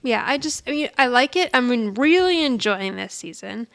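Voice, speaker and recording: A woman with a slightly high, gravelly voice co-hosts a podcast. She walks through each scene in a relaxed way, quoting the characters' lines and laughing often. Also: normal speed. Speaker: podcast co-host. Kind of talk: casual recap chat.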